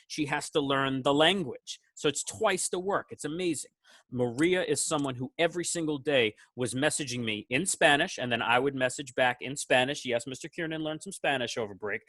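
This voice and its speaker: Man, teacher, casual on-call award speech; bright, dry and close. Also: fairly high pitch, dry recording. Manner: warm, animated praise with quoted student voices.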